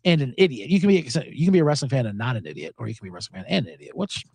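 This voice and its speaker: Rapid-fire and gravelly, a little mellow with a breathy edge, a man's medium-pitched voice swoops wildly as he hosts a sports betting show solo. His casual chat rambles, full of profanity and sarcastic asides, with no room sound.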